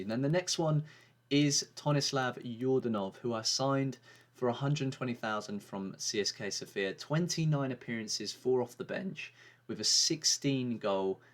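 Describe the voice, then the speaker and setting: A man giving a casual, rambling commentary on his video game season, with frequent fillers and restarts. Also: medium pitch. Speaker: gaming YouTuber.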